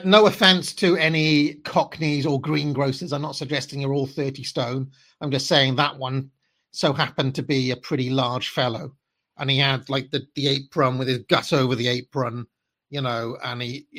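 A man's voice: medium pitch, sharp tone. A man, hosting a casual, rambling solo podcast chat full of fillers. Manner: chatty and rambling, with frequent fillers and laughs. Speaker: podcast host. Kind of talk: casual monologue to listeners.

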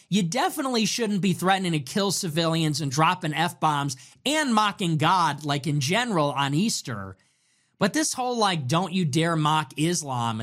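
A man's voice: sits high, a bit bright. A man giving an impassioned, exasperated political commentary monologue, mocking the people he quotes.

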